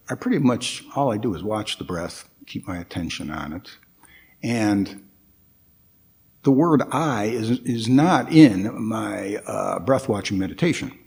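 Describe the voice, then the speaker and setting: A man with a somewhat low voice delivers a guest dharma talk at an easy, slow pace. His pitch moves widely as he explains, and he often pauses and restarts his phrases. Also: darkish tone. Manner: hesitant, with frequent restarts and pauses.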